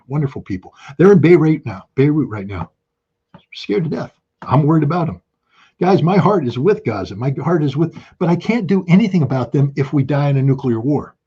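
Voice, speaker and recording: An American man in his sixties, a guest commentator on a talk show, delivers impassioned political talk over a video call, speaking urgently, hammering his points and repeating key phrases. His medium-pitched voice is warm with a breathy edge, and the sound is lo-fi.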